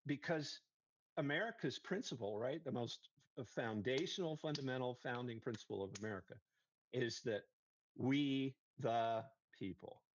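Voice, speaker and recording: A man's voice: medium pitch, animated, moderate pace, lo-fi sound, slight background noise. A man hosting a commentary podcast, preachy and rallying, repeating his phrases. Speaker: podcast host. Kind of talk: conservative commentary chat.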